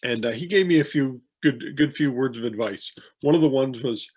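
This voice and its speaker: A man's voice: mid-range voice, moderate pace, darkish tone, breathy edge. A man co-hosting a podcast, telling rambling anecdotes with many restarts and fillers in a casual chat. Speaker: podcast co-host, wrestling promoter.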